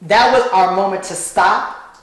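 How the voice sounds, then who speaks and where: A middle-aged woman telling a personal story in conversation, animated and acting out the voices of others. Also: mid-range voice, a little slow. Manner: animated, acts out quoted voices. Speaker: guest speaker. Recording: very echoey room.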